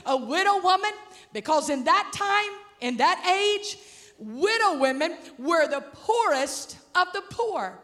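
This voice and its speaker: Woman, preacher, animated sermon, very high voice, long hall reverb. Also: slow pace. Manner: animated, acts out voices of the story and calls out to the congregation.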